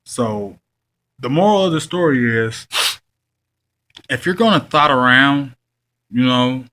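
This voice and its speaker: A man's voice: medium pitch, bright, forceful tone. A man telling a story to camera in a blunt, profane, slangy rant. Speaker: vlogger.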